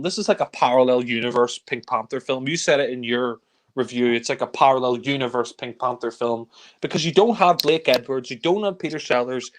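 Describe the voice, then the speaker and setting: A man reviewing films in a casual chat, exasperated and swearing freely, sometimes mimicking characters with shouts. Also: medium pitch. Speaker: film reviewer. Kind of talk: casual film discussion.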